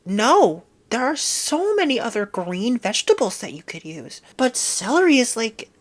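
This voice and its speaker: A woman vlogger ranting in a casual monologue, animated and exasperated, swearing freely. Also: medium pitch.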